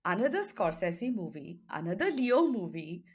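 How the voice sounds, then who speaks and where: A woman co-hosting a film podcast, chatting casually in quick, lively bursts. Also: on the low side, breathy edge. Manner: animated, quick bursts, laughs often. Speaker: podcast co-host.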